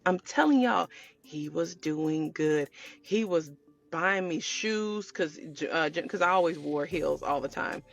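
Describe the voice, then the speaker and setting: Woman, casual storytime vlog, gravelly fry in her voice, chatty and animated, faint music behind. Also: on the low side, a little slow. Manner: animated, addresses viewers as y'all, acts out quotes. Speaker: storytelling vlogger.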